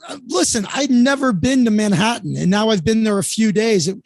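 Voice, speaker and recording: A man's voice: high-pitched, brisk, no room sound. A man from Florida, a comedian guest, telling a story in a loose, casual way, full of fillers and restarts.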